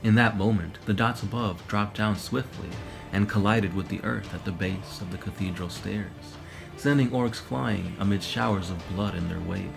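A man narrating a fantasy war story in a steady, dramatic way. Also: fairly low pitch, moderate pace, vocal fry, over music, poor audio.

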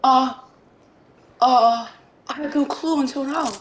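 A woman in casual gaming chat with a lively, scolding way of talking. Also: sits high, slow, roomy sound, a little hiss or hum. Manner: animated, scolding. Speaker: vlogger.

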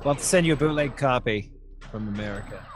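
A man chatting as a guest on a game stream, excitable and cheering. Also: mid-range voice, fast talker, soft background music. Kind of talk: casual stream chat.

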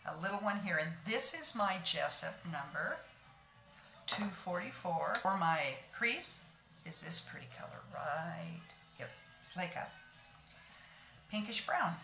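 A woman's voice: on the low side, a bit bright, reverberant. A woman in her sixties, chatting casually with viewers as she does her makeup and narrates each step in a homey way. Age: 60s. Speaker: beauty vlogger.

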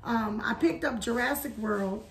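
A woman talks viewers through her shopping finds in a casual vlog. Her voice sits a little high, and she chats easily and hums theme tunes along the way. Faint clicks sit in the background. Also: measured pace, slight background noise. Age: adult. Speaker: haul video host.

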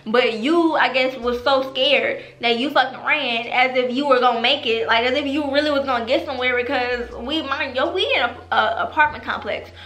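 A woman's voice: sits high, normal speed, hardly any pauses, a little hiss or hum. Echoey young woman telling a storytime. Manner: animated, profane storytelling with lots of fillers. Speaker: vlogger. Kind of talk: storytime vlog. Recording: echoey room with music behind.

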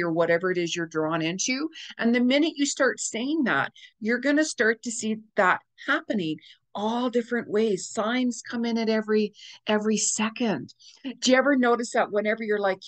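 A woman's voice: fairly high pitch, lively intonation, moderate pace. A woman psychic medium giving a casual astrology forecast, gushing and repetitive in a spiritual tone.

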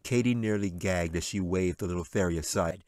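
Deep-voiced man narrating a story. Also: dry recording, clean studio sound. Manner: measured, expressive storytelling. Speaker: author reading his novel. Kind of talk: audiobook narration.

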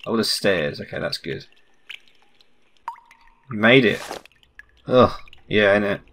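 A man's voice: fairly low pitch, expressive, slow, gravelly, fairly bright tone, a little hiss or hum. A young man doing let's play commentary on a game, asking puzzled running questions and reading the characters' lines aloud. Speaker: gaming YouTuber.

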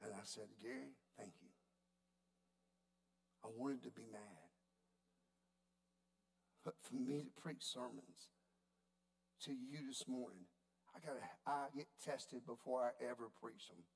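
A man preaching a sermon, telling a story in a folksy, animated way. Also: medium pitch, measured pace, gravelly, pauses often. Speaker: pastor.

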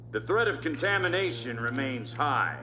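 A man's voice: mid-range voice, big pitch swings, sharp tone, slight background noise. Stern male official in a game. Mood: grave. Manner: formal, grave and measured. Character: stern male military official addressing the public. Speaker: defense secretary at a press conference.

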